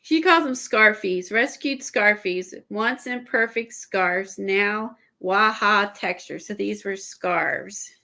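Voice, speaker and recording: A woman chatting casually on an art livestream, a little out of breath and stuffy, rambling with halting fillers and restarts. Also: medium pitch, pushed and bright. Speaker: guest showing art supplies.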